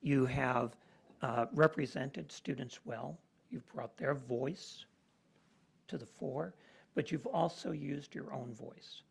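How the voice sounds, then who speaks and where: A man chairing a school board meeting, speaking in measured remarks with many pauses and fillers. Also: medium pitch, gravelly, husky.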